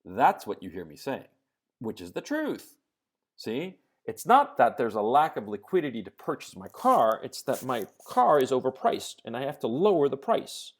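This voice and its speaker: Profane, animated man ranting on a live stream. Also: mid-range voice, moderate pace. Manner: profane, ranting, animated explanations with sarcastic mock quotes; checks in with live viewers. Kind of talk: live-streamed political and economic commentary.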